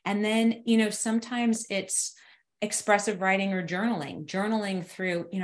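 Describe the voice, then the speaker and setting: A woman's voice: mid-range voice, fairly even intonation, normal speed. A woman, a doctor, talking reflectively on a podcast and posing questions aloud. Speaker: doctor and co-author. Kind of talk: casual podcast conversation.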